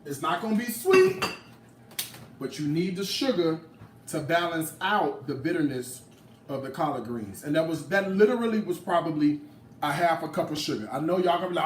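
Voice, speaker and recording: A sassy, playful man in his late thirties shows his cooking in a home kitchen and scolds his viewers. His voice sits a bit high for a man. He is picked up from a little way off the mic, in a roomy kitchen with faint noise behind him. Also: animated, brisk, far from the mic. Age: late 30s. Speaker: home cook. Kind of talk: casual cooking demo.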